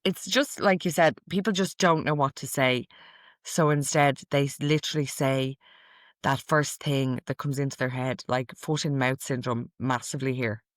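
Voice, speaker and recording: A woman's voice: very deep voice, fairly even intonation, normal speed, no room sound, studio quality. A middle-aged woman hosting a casual podcast, reading out quotes from a list in a chatty, amused way. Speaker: podcast host.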